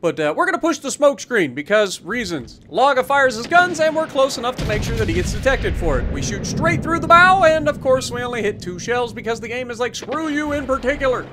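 A man's voice: very high voice, very animated, brisk, hardly any pauses, noisy background. A man giving casual, sarcastic commentary over his own gameplay, chatting and teasing opponents as he explains his moves. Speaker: gaming YouTuber.

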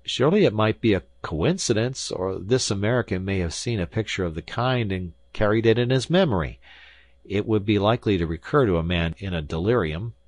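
A man's voice: on the low side, animated, brisk, dry recording, voice pushed up. A man voicing a skeptical young journalist who argues earnestly and with disbelief. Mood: incredulous. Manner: earnest, incredulous.

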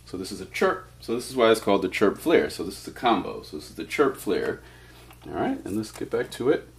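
A deep-voiced man teaches turntable scratching in a loose, casual way, walking through each step and dropping in "all right" as he goes. Faint clicking sounds sit behind his voice. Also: brisk, gravelly, slight background noise. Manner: relaxed, explains step by step with many "all right"s. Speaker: DJ scratch instructor. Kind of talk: casual instructional demo.

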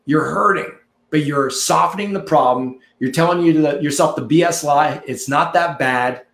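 Man, motivational coach, punchy and preachy, fairly high voice, roomy echo. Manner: punchy, preachy, repeats phrases for emphasis. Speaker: marketing coach. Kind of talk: motivational monologue.

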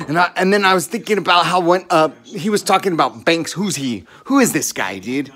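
Man, slightly high voice, heated profane rambling storyteller, casual monologue. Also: expressive, quick pace, hardly any pauses, a bit bright. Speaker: podcast talker.

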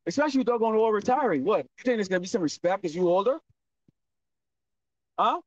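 A man preaching on the street in a loud, profane, scolding manner. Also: sits high, animated, fairly quick, no echo. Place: outdoors, windy street corner. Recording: distant lo-fi outdoor recording.

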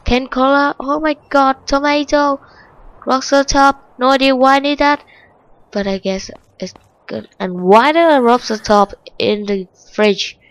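A woman with a Vietnamese accent, Vietnamese her first language, doing let's-play game commentary in simple non-native English, moving from low muttering to high excited shrieks. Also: a little slow, clean tone, no room sound, low-quality recording. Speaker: gaming channel host.

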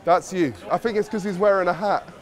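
A British man hosting a prank vlog outdoors, loud, hyped and playfully teasing. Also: high voice, brisk. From United Kingdom. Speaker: host. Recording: street crowd and music behind.

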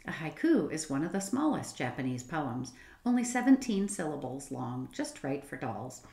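A low-voiced woman reads a children's book aloud. Her delivery is expressive and gently paced, rising and falling a lot. The room lends a noticeable echo. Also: moderate pace, creaky. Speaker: storyteller. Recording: roomy echo.

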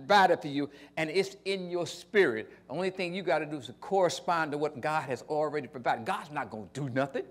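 An older male pastor preaching with a fairly high voice. He swings from quiet storytelling into loud, emphatic bursts, and his phrasing stays casual and folksy. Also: fairly quick, few pauses. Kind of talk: sermon.

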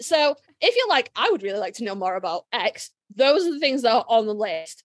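A woman with a Yorkshire accent co-hosting a casual podcast, blunt and quick to swear, laughing often. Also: high-pitched, animated, a bit bright, dry recording. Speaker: podcast co-host.

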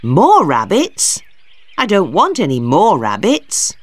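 A proud, curt eleven-year-old boy, as the narrator reads him with slow, firm lines and a lively lilt. Close, dry sound for a storybook for learners. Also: mid-range voice, dry recording, heavily acted.

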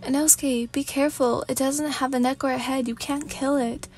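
A woman's voice: high-pitched, fairly even intonation, normal speed. A woman voicing a level-headed young demon slayer. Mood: urgent. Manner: sensible, scolding, gently caring.

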